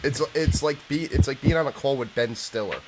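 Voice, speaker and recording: A man with a New York accent talking fast and crudely as host, laughing a lot. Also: medium pitch, a crowd in the background, poor audio. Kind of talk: casual banter.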